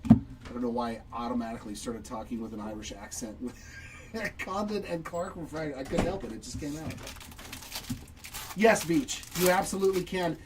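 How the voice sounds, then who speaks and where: A man's voice: medium pitch, lively intonation, a little fast, distant mic, heavy background noise. A man hosting a live trading card break, chatting upbeat and reacting to each pull while answering viewers.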